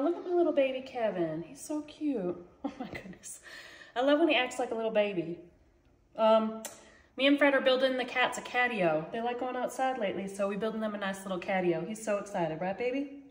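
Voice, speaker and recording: A woman's voice: high voice, a bit bright, a little hiss or hum. Chatty woman in an echoey kitchen. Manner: chatty, addresses viewers as y'all. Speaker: cooking channel host. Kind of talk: casual cooking vlog.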